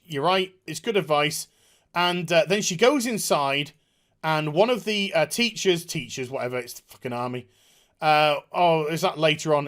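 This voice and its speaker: A video reviewer ranting through a TV episode review, sarcastic and profane, exasperated, sometimes shouting and mocking characters in put-on voices. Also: mid-range voice. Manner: shouts at times.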